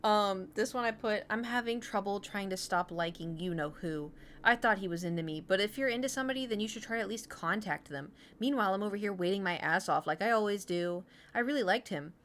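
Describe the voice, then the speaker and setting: A woman's voice: mid-range voice, fairly quick, hardly any pauses, a bit bright, slight background noise. A woman in her thirties from Oklahoma, streaming as she reads her old diary entries aloud in a giggly, self-mocking way. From Oklahoma, USA. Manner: giggly, self-mocking, chatty with many fillers.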